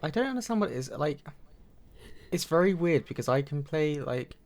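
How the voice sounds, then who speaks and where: A man's voice: fairly high pitch, big pitch swings, moderate pace, darkish tone. Rambling young man co-hosting a podcast. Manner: rambling, repeats words when thinking. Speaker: podcast co-host. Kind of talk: casual chat.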